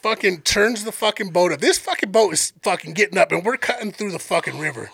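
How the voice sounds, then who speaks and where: A man casually telling a profane, animated story as a podcast co-host. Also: high-pitched, quick pace, creaky, slightly rough, no room sound, studio quality.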